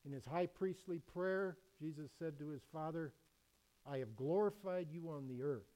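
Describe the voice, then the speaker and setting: A man preaching a sermon in a measured, emphatic way. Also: a little high, warm tone, low-quality recording. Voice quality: emphatic, measured delivery with many quotations.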